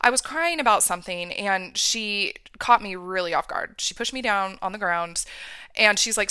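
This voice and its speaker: Woman host, bright tense tone, emphatic and candid, close dry sound. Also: mid-range voice, normal speed, clean tone, no room sound. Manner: emphatic, candid, acts out remembered dialogue. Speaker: podcast host. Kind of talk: personal storytelling monologue.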